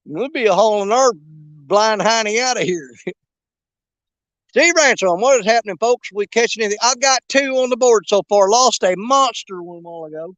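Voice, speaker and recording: A man's voice: sits high, a bit bright, no echo. An older man hosting a fishing live stream outdoors, joking with his viewers and laughing often in casual, rambling chat. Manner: jokey and rambling, laughs a lot. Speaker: fishing channel host. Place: outdoors at a creek.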